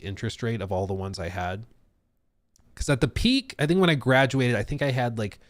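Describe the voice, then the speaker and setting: Young male streamer, casual and jokey, very expressive delivery, dry recording. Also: lowish voice, dry recording. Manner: animated, jokey, reacting to chat. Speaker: streamer host. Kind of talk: casual live-stream chat.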